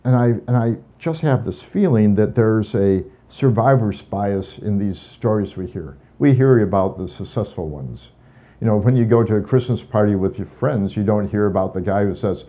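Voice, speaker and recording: A man with a low, mellow voice talks as an interview guest, earnest and a little halting as he circles back over his words. The sound is dull and lo-fi. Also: lively intonation. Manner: earnest, repeats words while thinking. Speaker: podcast guest, drilling automation engineer. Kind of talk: casual interview talk.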